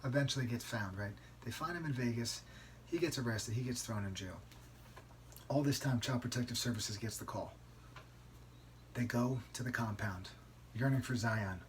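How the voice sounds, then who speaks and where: A man hosting a solo podcast, telling a story in a conversational, emphatic way and often tagging a quick "right?" onto his sentences. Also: mid-range voice, slight background noise. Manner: conversational, keeps asking "right?"; emphatic, outraged. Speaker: podcast host.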